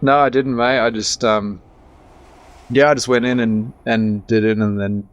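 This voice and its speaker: An Australian actor in his thirties, a guest on a podcast, chats in a casual, rambling way with many restarts. His medium-pitched voice is steady and unhurried, and the audio is dull with no echo.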